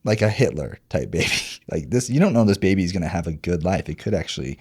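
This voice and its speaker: A man in his thirties with a low voice, co-hosting a relaxed podcast chat. He teases his partner and laughs easily. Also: fast talker, slightly rough. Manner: laughs often, playful, teasing. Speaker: podcast co-host. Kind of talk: casual chat.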